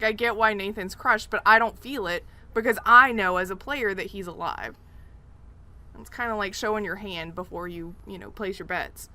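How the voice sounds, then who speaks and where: A woman co-hosting a casual gaming podcast, talking expressively in long animated runs. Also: medium pitch. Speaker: podcast co-host.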